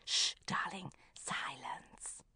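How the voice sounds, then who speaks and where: Histrionic mother figure for a storybook reading, high and loud, dramatic swoops into whispers , voiced by a woman. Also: wildly swooping pitch, normal speed, dry recording, clean studio sound, full character voice. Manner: histrionic, gushing, swinging into breathy whispers. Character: theatrical, self-dramatizing middle-aged mother.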